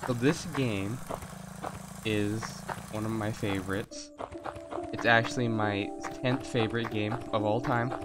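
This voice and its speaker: A man's voice: lowish voice, steady tone, a little slow. A young man giving joking, rambling let's play commentary into a desk mic. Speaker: gaming commentator. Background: game music.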